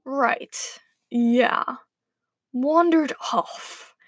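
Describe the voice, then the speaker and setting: A woman's voice: high-pitched, expressive, normal speed, a bit bright, no room sound, studio quality, full character voice. A woman voicing a sheepish, pleading male wolf with allergies in a spoken story.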